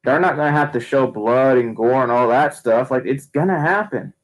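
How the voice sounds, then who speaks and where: A man's voice: medium pitch, moderate pace, low-quality recording. Rambling young man. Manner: rambling, frequent fillers and restarts. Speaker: wrestling streamer. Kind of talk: casual opinion rant.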